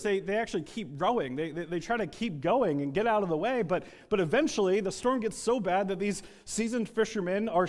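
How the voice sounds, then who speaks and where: A man preaching a sermon, telling a story with acted-out quotes and some repeated words. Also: high voice. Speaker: pastor. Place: church sanctuary. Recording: long reverb of a church hall.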